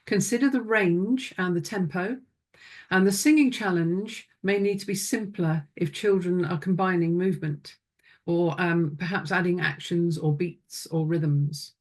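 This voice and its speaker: A woman presenting a music teaching webinar, speaking calmly and instructively into a close microphone. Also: lowish voice, a little slow. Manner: calm, instructive, demonstrates vocal exercises.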